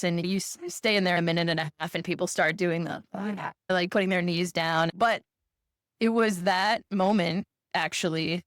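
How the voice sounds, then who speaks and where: A woman in a casual conversation, reflective and animated as she tells a story. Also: fairly low pitch, dry recording, studio quality. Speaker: podcast co-host.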